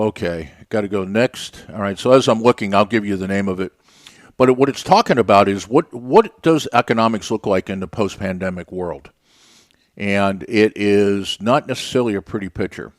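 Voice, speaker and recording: A man's voice: lowish voice, dry recording, studio quality. A man hosting a radio show, talking off the cuff in a rambling, conversational way with many fillers and restarts. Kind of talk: unscripted radio monologue.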